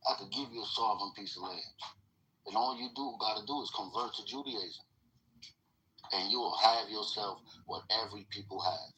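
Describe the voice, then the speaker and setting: A man lectures his listeners in a declamatory, provocative way during a voice chat. His voice sits fairly low but sounds bright and forceful, with a faint noise behind it. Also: moderate pace, rough recording. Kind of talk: provocative speech in a voice-chat room.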